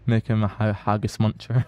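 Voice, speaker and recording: A man's voice: on the low side, dark tone, no room sound, highs cut off. A Scottish man chatting casually with viewers while streaming a game, reading out their comments and often restarting his sentences. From Scotland. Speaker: livestreamer. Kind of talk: casual live gameplay chat.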